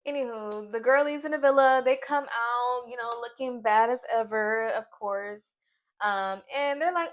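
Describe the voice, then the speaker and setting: Speaking at a measured pace in a fairly high voice, a YouTube reality TV reviewer from Nashville, Tennessee, US, gives a casual vlog recap. Her comments include sassy, playful asides, and the recording has a dull lo-fi quality.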